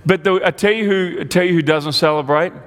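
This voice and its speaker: High-voiced male preacher in a reverberant hall. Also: a little fast. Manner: animated storytelling, acts out characters' lines. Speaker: pastor. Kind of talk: sermon.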